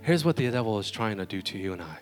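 A man preaching a sermon as pastor, animated and conversational, with humorous storytelling. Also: lowish voice, quick pace, faint music behind.

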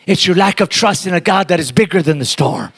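A man's voice: high-pitched, expressive, fairly quick, breathy edge. A man giving a sermon as a guest preacher, emphatic and talking straight to the congregation in a church. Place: church sanctuary. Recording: long reverb of a large hall.

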